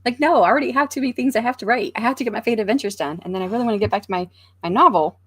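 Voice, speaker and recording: A woman's voice: a little high, rapid-fire, slightly rough. A middle-aged American woman hosting a casual writing livestream from a room at home, chatting in a rambling, think-aloud way and reading viewer comments aloud. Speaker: author livestream host.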